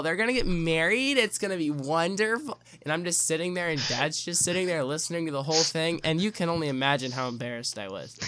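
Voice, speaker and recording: Young male podcast host, rambling teasing banter, sharp bright tone, dry close sound. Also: a little high, brisk, hardly any pauses, dry recording. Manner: playful teasing, rambling with restarts. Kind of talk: casual podcast chat.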